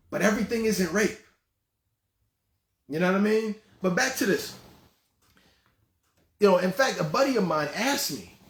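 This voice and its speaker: A male show host giving casual commentary, telling stories in an animated, conversational way with lots of fillers. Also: high voice, roomy sound. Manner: animated, conversational storytelling with many repeats and fillers.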